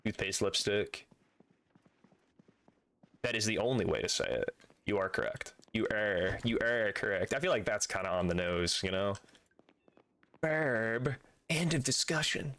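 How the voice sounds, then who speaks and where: Guy with a lowish voice doing chill live game-stream commentary, swears a lot, chats with chat. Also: fairly bright tone, slight background noise. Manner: casual, chatty, swears freely.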